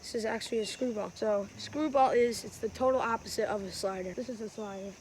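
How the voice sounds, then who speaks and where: Recorded on a phone camera outside in the wind, this wiffleball player and channel host rambles through a casual how-to vlog, chatting and correcting herself. Her mid-range voice is a little fast with a darkish tone. The recording quality is low.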